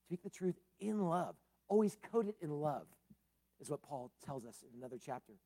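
A man preaching a sermon as pastor, swinging between loud emphasis and soft low tones, with casual asides like "man" and "uh". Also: sing-song, moderate pace.

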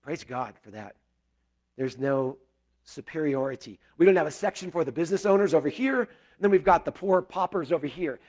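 A middle-aged man preaching a sermon in an earnest, conversational way, with loud bursts and soft prayerful drops. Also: fairly high pitch, lively intonation, a little fast. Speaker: pastor.

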